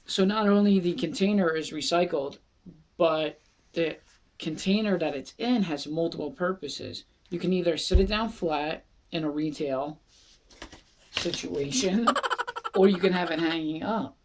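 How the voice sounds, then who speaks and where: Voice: mid-range voice, unhurried, a little hiss or hum. A wine reviewer from Philadelphia who talks through a casual product review in a chatty, joking way, with asides and self-deprecating remarks. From Philadelphia, USA.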